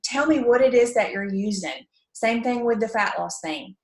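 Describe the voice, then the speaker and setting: A woman's voice: on the high side, expressive, normal speed, hardly any pauses. A chatty woman from Alabama with a Southern accent, giving a casual, upbeat training talk with plenty of fillers. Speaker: network marketing presenter. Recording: echoey room.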